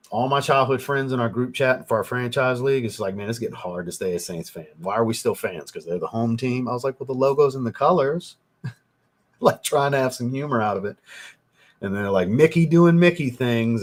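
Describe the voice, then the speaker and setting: A young man, hosting a casual livestream and reading viewer comments, rambling and swearing as he gets worked up. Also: medium pitch. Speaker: livestream host, fragrance reviewer.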